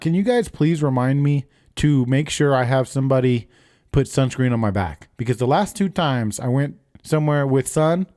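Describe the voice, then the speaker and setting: A man in his thirties with a slightly high, somewhat mellow voice hosts a podcast. He tells stories in loose, profane, casual chat and laughs often.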